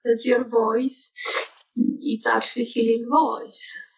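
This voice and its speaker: A woman's voice: fairly high pitch, level tone, takes it slowly, creaky. A woman guest in a casual chat, speaking English, agreeing and teasing the host. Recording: roomy, dull-sounding audio.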